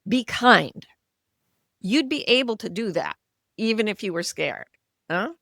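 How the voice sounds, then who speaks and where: Woman, 60s, podcast guest; gravelly low voice, earnest explainer, dry close sound. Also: expressive, normal speed, dry recording. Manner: earnest, explanatory, softens voice when modeling kindness. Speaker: author and coach, podcast guest. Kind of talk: conversational interview.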